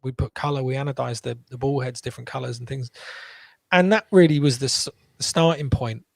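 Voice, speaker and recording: A man tells his story as an interview guest, animated and full of quick restarts. His voice sits at a middle pitch. He is recorded in a dry, dead room. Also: creaky, no room sound. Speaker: guest entrepreneur.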